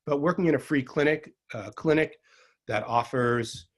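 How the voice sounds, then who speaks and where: A man's voice: a little high, normal speed. An older man with a Long Island New York accent giving an online herbal medicine lecture, dry and sarcastic, rambling with frequent ums and asides.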